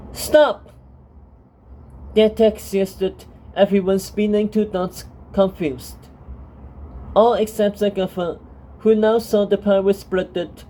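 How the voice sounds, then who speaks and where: A woman narrates a fantasy story in a calm, steady reading voice. She takes her time with each line, and her tone is dark and mellow. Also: mid-range voice, low-quality recording.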